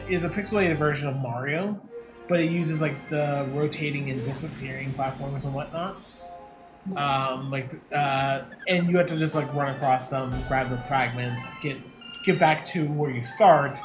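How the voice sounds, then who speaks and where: A man's voice: a little high, steady tone, moderate pace. A man chatting casually with a streamer, giving game tips in a rambling, hesitant way full of fillers. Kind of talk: casual chat. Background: game music.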